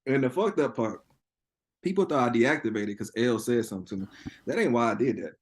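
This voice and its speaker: A young man telling a story in a casual interview, profane and animated, laughing often and acting out quotes. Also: medium pitch, a little fast. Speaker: interview guest.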